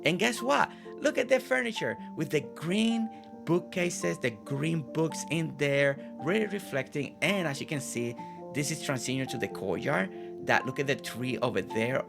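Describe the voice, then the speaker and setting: A man's voice: fairly high pitch, animated, normal speed, creaky, music in the background. A man giving casual gameplay commentary as a gaming channel host, admiring what he sees and repeating phrases for emphasis.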